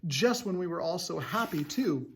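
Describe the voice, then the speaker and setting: A man's voice: a little high, animated, normal speed. A man voicing a fretful, motherly female ladybug.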